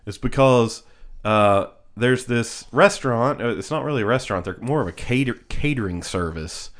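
With a medium pitch and lively intonation at a moderate pace, this male podcast co-host chats casually and tells stories, rambling, restarting often, and laughing frequently.

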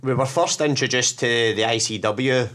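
A man's voice: medium pitch, normal speed, a bit bright. A Scottish man, a musician, telling stories in casual conversation, rambling with many fillers and restarts. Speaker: musician guest.

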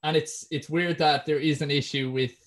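A man's voice: fairly high pitch, steady tone, normal speed. An Irish man hosting a casual interview, rambling a little as he reads out listener questions. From Ireland. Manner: rambling, many fillers and restarts. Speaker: podcast host.

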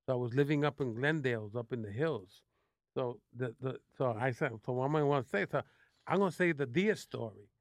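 A man from New City, a guest telling animated, profane stories with lots of restarts. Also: medium pitch, normal speed, no echo. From New York City. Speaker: guest actor. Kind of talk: casual interview storytelling.

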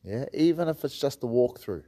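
A man's voice: medium pitch, lively intonation, a little fast, warm tone. A man with a New Zealand accent, a martial arts gym coach telling stories in a casual, rambling way and swearing freely. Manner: swears freely, loose rambling delivery with fillers. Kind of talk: casual storytelling chat.

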